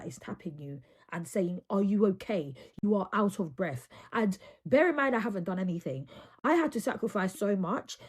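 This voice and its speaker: Earnest young woman with a husky voice. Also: on the high side, darkish tone. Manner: earnest and emphatic, repeats words for stress. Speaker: video creator. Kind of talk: casual talk to camera.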